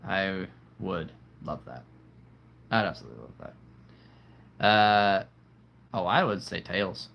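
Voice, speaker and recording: Playful low-voiced man chatting on a livestream. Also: lively intonation, slow pace, creaky, long pauses, fairly bright tone. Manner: playful, laughs at his own jokes. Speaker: livestream host. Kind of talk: casual livestream chat with viewers.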